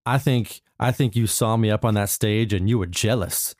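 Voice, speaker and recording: A man playing a touchy, vain young female pop star who snaps back with quick, accusing retorts in an improvised comedy scene. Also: on the low side, a little mellow, dry recording, clean studio sound, close to an everyday voice.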